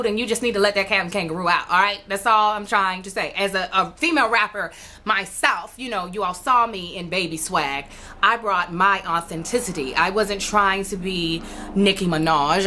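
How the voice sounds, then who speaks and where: A woman hosting her own vlog, talking straight to her viewers in a sassy, animated, casual way. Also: medium pitch, a little hiss or hum. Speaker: vlog host.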